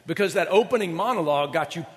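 A male pastor preaching a chatty, animated sermon, often asking his audience questions. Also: on the high side, fast, big-room sound.

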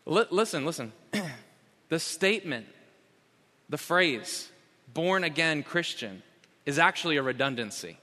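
A man preaching a sermon as pastor, emphatic, slowing down to repeat key phrases. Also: fairly high pitch, lively intonation, pushed and bright. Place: church sanctuary. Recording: long hall reverb.

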